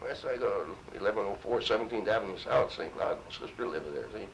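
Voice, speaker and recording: A man's voice: fairly low pitch, fast, vocal fry, a little hiss or hum, low-quality recording. A man in his seventies from Minnesota, a war veteran telling his story in an oral history interview, salty and full of cursing. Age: 70s. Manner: salty, profane, animated storyteller.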